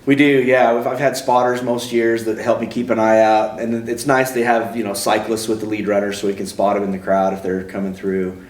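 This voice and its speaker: A man being interviewed as a race announcer, talking in a relaxed, rambling and self-deprecating way. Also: lowish voice, brisk, few pauses. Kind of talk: casual interview chat. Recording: roomy, mic at a distance.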